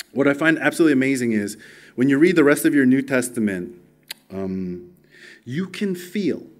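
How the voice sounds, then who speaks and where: A man preaching a sermon earnestly and emphatically, often dropping to a soft near-whisper. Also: mid-range voice.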